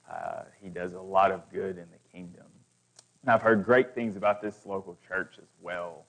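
A man's voice: deep voice, steady tone, moderate pace, fairly bright tone. A man preaching as a guest speaker, building emphatic, repetitive lists. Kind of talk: sermon.

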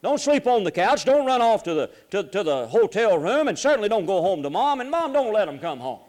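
A man preaching a folksy sermon, swinging between loud urging and low, quiet asides. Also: big pitch swings, brisk. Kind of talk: sermon on marriage.

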